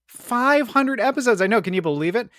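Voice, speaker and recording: Male co-host, comedic radio banter, lively intonation. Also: very high voice, a little fast, no room sound, clean studio sound. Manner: playful, laughing at his own slips. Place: radio studio.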